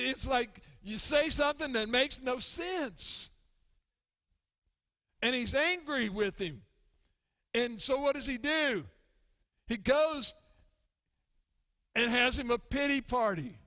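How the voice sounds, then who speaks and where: A man preaching a sermon as pastor, acting out grumbling churchgoers in an animated way. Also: very high voice, slow pace, long pauses. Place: church sanctuary. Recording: long church hall reverb.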